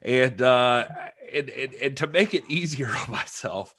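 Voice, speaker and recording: A man's voice: medium pitch, animated, measured pace, fairly bright tone, slightly rough. A man hosting a casual podcast chat, amused and laughing often as he reads reviews aloud. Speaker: podcast host.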